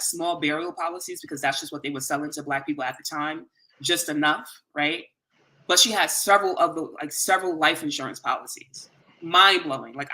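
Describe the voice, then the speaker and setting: A host telling a long personal story in an earnest, conversational way, acting out the lines of the people in it. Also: medium pitch. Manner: animated, earnest, conversational, quotes others in dialogue.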